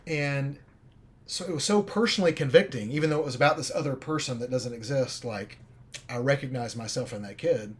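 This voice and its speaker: A man's voice: medium pitch, a little fast. Rambling man telling a story. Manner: rambling, animated storytelling with frequent fillers. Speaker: film director. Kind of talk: casual livestream talk.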